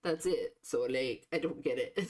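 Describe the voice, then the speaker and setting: A woman streaming a game live, chatting casually with a sore throat that lowers her voice, rambling with lots of "like" and restarts. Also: measured pace, a little mellow. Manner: rambling, full of "like" fillers and restarts.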